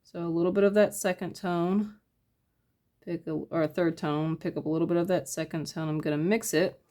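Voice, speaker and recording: A woman giving a casual step-by-step painting tutorial, talking her process through in a relaxed, thinking-aloud way with lots of fillers. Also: lowish voice, fairly quick. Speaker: painting instructor.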